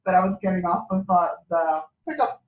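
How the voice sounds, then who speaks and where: A woman's voice: lowish voice, brisk, dull audio. A woman beauty consultant telling chatty stories at a sales meeting and laughing as she talks. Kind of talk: casual story-sharing at a sales meeting. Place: meeting room. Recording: echoey room, distant mic, faint background hum.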